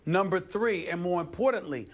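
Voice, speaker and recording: A man's voice: high-pitched, expressive, normal speed. A man on a studio sports debate show, arguing emphatically and stacking up his points one by one. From United States. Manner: emphatic, builds numbered points.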